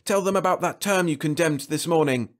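Relentless mind-voice, high and accusing , as a male narrator puts it on. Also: normal speed, fairly bright tone, slightly rough. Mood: commanding. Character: accusing telepathic voice, relentless and commanding.

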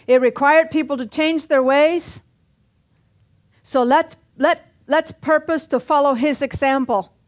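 A woman's voice: sits high, fairly even intonation, measured pace. A middle-aged woman pastor preaching a sermon in a church, punchy and joking, often calling out for an amen. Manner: punchy, joking, calls for amens.

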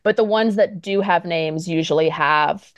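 Woman guest chatting on a podcast, lowish voice, says like a lot, dry mic. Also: normal speed, smooth, no echo, dull audio. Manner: chatty, laughs often, lots of "like". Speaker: guest author. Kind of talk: casual podcast chat.

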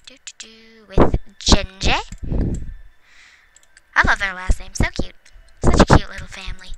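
A woman's voice: medium pitch, moderate pace. A woman giving casual gameplay commentary at home, chatting to the game's characters and chuckling often. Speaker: let's play gamer. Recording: noticeable background noise with clicks.

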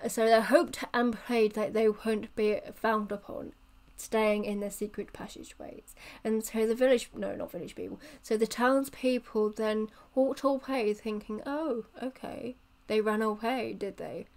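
A woman's voice: on the high side, fairly even intonation, unhurried, a little mellow. A woman telling a rambling, playful story in a casual voiceover for her channel. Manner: rambling, playful, self-correcting. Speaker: channel creator.

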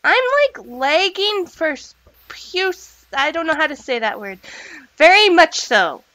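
Woman, gaming host, high voice, bright tone, unhurried, giggly, excitable exclamations. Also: no room sound, low-quality recording. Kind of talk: casual gameplay chat.

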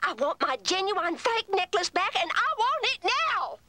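A woman's voice: very high-pitched, big pitch swings, normal speed, sharp tone, heavily acted. A woman voicing a prim, genteel female cartoon dog with a drawl. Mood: indignant. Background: music.

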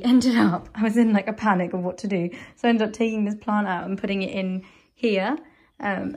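A young woman, chatting casually in a home vlog, rambling and self-deprecating as she talks from her bedroom. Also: mid-range voice. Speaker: vlogger.

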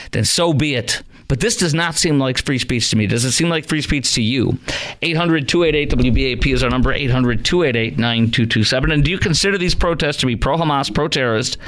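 A man's voice: fairly high pitch, a bit bright. A middle-aged man from Chicago hosting a call-in talk radio show, indignant and full of rhetorical questions.

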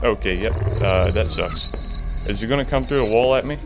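A man's voice: fairly low pitch, fairly quick, vocal fry, noisy background. A man giving jumpy, profane commentary to himself while playing a horror game. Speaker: gamer.

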